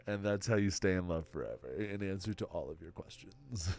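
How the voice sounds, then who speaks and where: A man's voice: low-pitched, quick pace, hardly any pauses, darkish tone, no room sound. Stuffy-nosed young man from Texas. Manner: profane, laughing, rambling. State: stuffy nose. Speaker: livestreamer. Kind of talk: casual stream chat.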